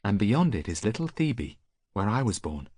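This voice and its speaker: A gentle young priestess, soft and kind, read by a male narrator with a slight lift in pitch. She speaks quietly. The sound is close and dry. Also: very animated, normal speed, husky, no echo. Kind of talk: audiobook character voice.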